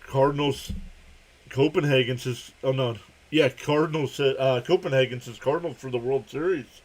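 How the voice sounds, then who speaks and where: A young man hosting a live stream, giving casual play-by-play of a baseball game, reading viewer comments and laughing often. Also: normal speed. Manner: laughs often while calling pitches and reading chat.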